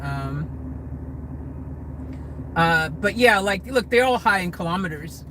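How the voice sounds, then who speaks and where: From a car, an American man runs a livestream Q&A, his high-pitched voice bright and forceful, with lively intonation at a slow pace. Slight background noise and poor audio accompany his reading of comments and his rambling, hedging, restart-filled answers.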